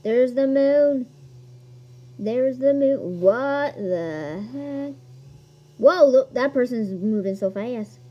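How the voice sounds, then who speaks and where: A woman giving casual gameplay commentary as a video host, excitable and quick to gasp at new things. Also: high-pitched, muffled recording. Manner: excitable, gasps and squeals at discoveries.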